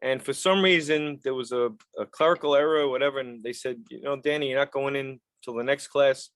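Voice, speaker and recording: A middle-aged man hosting an interview podcast, talking sincerely and warmly with his guest. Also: medium pitch, steady tone, fairly quick, no echo. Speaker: podcast host. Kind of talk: casual interview chat.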